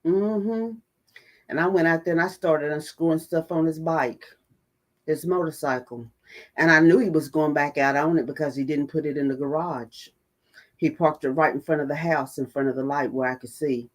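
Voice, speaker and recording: A woman's voice: low voice, normal speed. A woman hosting a mental health talk channel, telling her own story to her audience and stressing key points by repeating them. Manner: emphatic, repeats key phrases for weight. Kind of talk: personal storytelling to an online audience.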